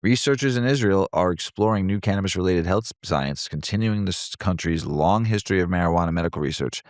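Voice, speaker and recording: Low-voiced man cracking jokes on headlines. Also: fast talker, no room sound, studio quality. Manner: reads headlines then cracks jokes, laughs easily. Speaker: podcast co-host. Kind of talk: casual news rundown with jokes.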